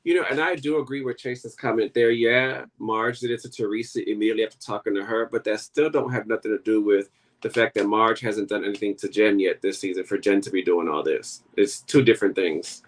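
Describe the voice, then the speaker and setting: A man's voice: on the low side, steady tone, fairly quick. A man co-hosting a casual reality TV recap show, giving his opinions in a plainspoken way with casual grammar. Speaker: podcast co-host.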